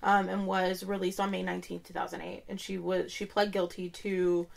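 A woman's voice: lowish voice, flat delivery, moderate pace, vocal fry. Joking, blunt woman on a podcast. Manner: blunt and joking, swears freely. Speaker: podcast co-host. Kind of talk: casual true-crime chat.

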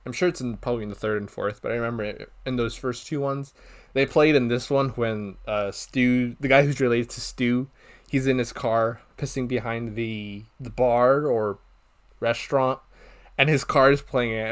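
A young man with a mid-range voice speaking at normal speed co-hosts a podcast and discusses a movie casually. He's lively, acting out its lines and laughing as he does.

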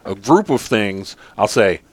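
A man's voice: fairly low pitch, animated, unhurried, dry recording. A man co-hosting a casual chat, wry and teasing, playing along with the jokes. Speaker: podcast co-host.

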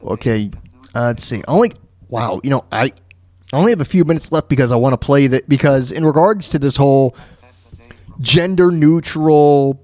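A man hosts his own talk show, delivering an opinionated rant in which he often stumbles and restarts mid-sentence. His voice is medium in pitch and darkish, at normal speed, with no room sound.

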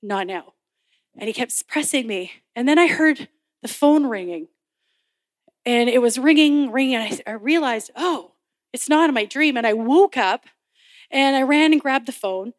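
A high-pitched woman shares her faith story from the pulpit, bouncing between narration and playful acted-out voices. The sound is dry and close, with no room echo. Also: moderate pace. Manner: animated storytelling, acting out quoted voices; laughs often while telling. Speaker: speaker at a Bible college chapel. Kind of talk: personal testimony in a sermon.

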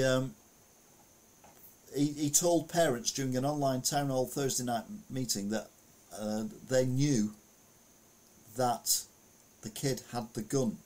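A man's voice: mid-range voice, darkish tone. A man casually reading news headlines aloud and adding rambling, self-correcting comments full of fillers.

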